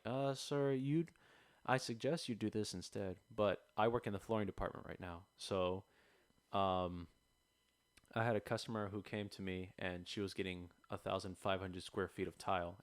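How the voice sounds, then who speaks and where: A man's voice: deep voice, normal speed, dry recording. A young man chatting casually on a podcast, telling a story and acting out the customers in it. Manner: animated storytelling, acts out customers. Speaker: podcast co-host. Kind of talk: casual chat. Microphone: close podcast mic.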